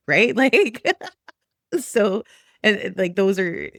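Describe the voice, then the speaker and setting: A woman's voice: mid-range voice, slow, long pauses, no echo, clean studio sound. A woman in her forties, a podcast guest chatting casually and acting out remembered conversations. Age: 40s. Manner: animated, acts out remembered talk with laughs.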